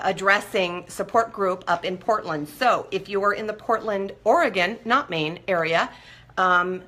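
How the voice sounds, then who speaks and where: A woman's voice: fairly low pitch, bright, forceful tone. A woman hosting a live-streamed recovery support talk, coaching viewers in an earnest, direct way.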